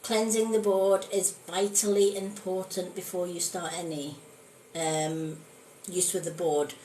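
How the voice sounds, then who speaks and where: A woman's voice: fairly low pitch, little pitch movement, unhurried, warm tone, roomy sound, a little hiss or hum, low-quality recording. A woman demonstrating on a live stream, speaking earnestly with many fillers. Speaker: spiritualist hosting a live stream. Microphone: phone.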